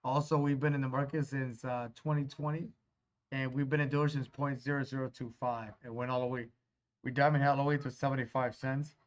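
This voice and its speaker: A man's voice: medium pitch, little pitch movement, brisk. A man streaming live, reading viewer chat in a casual, reassuring way and calling everyone brother. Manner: laid-back, reassuring, calls viewers brother. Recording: dull lo-fi stream audio with faint music.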